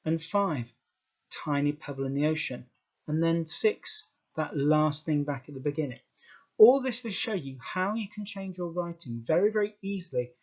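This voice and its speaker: A man with a British accent, teaching an English exam skills lesson in a slow, emphatic way, repeating words for stress. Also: on the high side. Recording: dull lo-fi sound.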